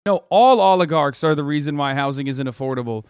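A man in his thirties talking fast and swearing freely as he reacts to a video live. His voice sits a little high, and it is recorded dry and close with no room sound. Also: animated, clean tone, no echo. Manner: profane, incredulous, rapid-fire ranting. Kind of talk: live stream commentary.

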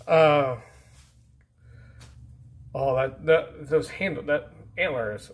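A man hosting a casual mail-call vlog, rambling and easygoing as he opens packages, often trailing off into low mutters. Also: takes it slowly, long pauses. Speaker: YouTube channel host. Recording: faint background noise.

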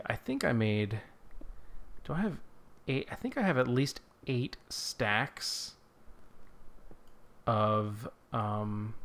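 A man hosting a gaming channel, chatting casually over his own gameplay in a rambling way that breaks into startled, excited exclamations. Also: medium pitch. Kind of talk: casual let's-play commentary.

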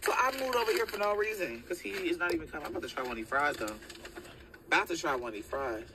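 A woman's voice: low-pitched, fast talker, background noise. A woman chatting casually inside a car at night, teasing her partner and talking to viewers. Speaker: girlfriend in a filmed car clip. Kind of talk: casual chat while driving. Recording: car clip with loud background ambience.

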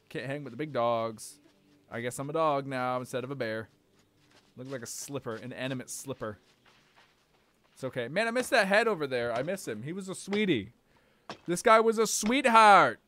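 A young man streaming a game live, swearing and reacting loudly to what happens on screen. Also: mid-range voice, lively intonation, normal speed.

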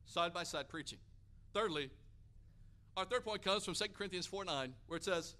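A man from Hawaii preaching a sermon, an energetic, animated storyteller. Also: sits high, a little fast. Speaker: pastor.

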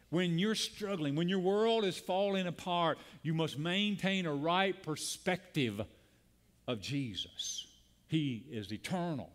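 A man's voice: a little high, animated, measured pace. Impassioned man preaching a sermon. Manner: preaching with call-and-response and rising emphasis. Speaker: pastor. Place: church sanctuary.

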